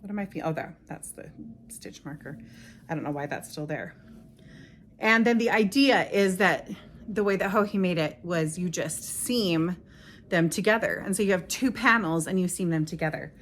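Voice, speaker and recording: A middle-aged woman hosts her own craft podcast, chatting casually and ramblingly and often stopping to correct herself. Her voice is lowish at normal speed, and the recording carries a little hiss or hum.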